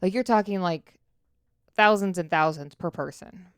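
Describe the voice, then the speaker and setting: A woman co-hosting a podcast, chatting casually and relaxed with lots of "like". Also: lowish voice, normal speed, clean tone, no room sound, studio quality. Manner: chatty, relaxed back-and-forth with frequent "like". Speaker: podcast co-host. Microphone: studio dynamic mic.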